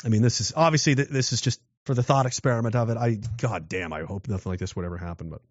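A man's voice: on the low side, quick pace, no echo. Man rambling on a dull, dry recording. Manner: rambling, with restarts and rhetorical questions. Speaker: political commentator. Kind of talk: casual monologue.

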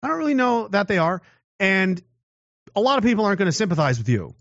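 A man talking casually and giving his opinion, swinging into loud mocking voices. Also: sits high, very animated, fairly quick, dry recording, highs cut off. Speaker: commentator.

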